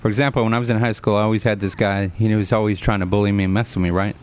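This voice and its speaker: A man's voice: fairly low pitch, little pitch movement, rapid-fire, a little mellow, clear, resonant tone. A man in his forties chatting earnestly to his live-stream audience, lecturing and repeating himself as he answers viewers by name. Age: 40s. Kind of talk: casual live-stream chat.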